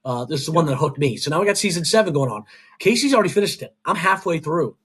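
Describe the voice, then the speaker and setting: Husky teasing male co-host. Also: on the high side, lively intonation, fast talker, a bit bright. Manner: dry teasing, upbeat promo talk. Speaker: podcast co-host. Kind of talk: casual podcast banter.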